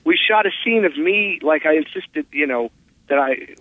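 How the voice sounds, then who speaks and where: A man, an actor guest, telling animated stories and acting out quotes in a casual interview. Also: normal speed. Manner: animated storyteller, acts out quotes with big pitch jumps. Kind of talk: casual phone interview storytelling. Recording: tinny phone line.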